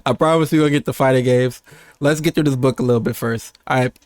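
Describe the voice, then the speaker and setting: A young American man in casual livestream chat, loose and rambling, often doubling back on his words. His voice sits at an ordinary middle pitch. The sound is close and dry, with no room around it. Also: steady tone, quick pace, dry recording. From United States. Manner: rambling and laid-back, with frequent laughs and restarts. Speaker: streamer.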